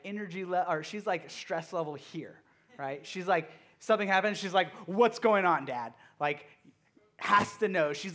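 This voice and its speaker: A man in his thirties, a youth pastor giving a casual, story-driven sermon to a youth group. He talks in an animated, chatty way, with plenty of fillers and restarts. His voice sits a little higher than most men's.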